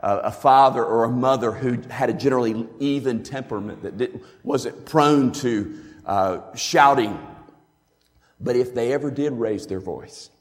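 A man's voice: medium pitch, unhurried. A man preaching a sermon as a pastor, earnest and emphatic in a teaching way. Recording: long hall reverb.

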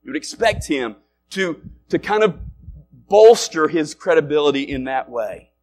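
A male pastor preaching a sermon in a conversational way, rising loud and dropping quiet to make his points. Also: on the high side, animated, measured pace. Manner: conversational preaching with wide swings in loudness.

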